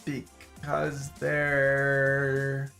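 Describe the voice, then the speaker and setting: A man hosts a laid-back livestream, bantering with his viewers in a joking, exclamatory style and laughing a lot. His voice is medium-pitched, gravelly, and very slow, with faint music playing in the background.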